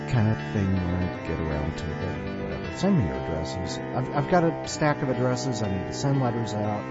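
A man hosting a podcast in a wry, offhand way and narrating a story. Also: mid-range voice. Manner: wry, offhand, self-mocking. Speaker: podcast host. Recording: dull lo-fi audio with music.

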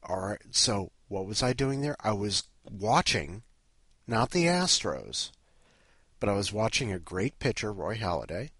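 A man's voice: lowish voice, a bit bright, breathy edge, no room sound, clean studio sound. A man hosting a podcast, rambling casually with lots of swearing and self-mocking grumbles. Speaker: podcast host.

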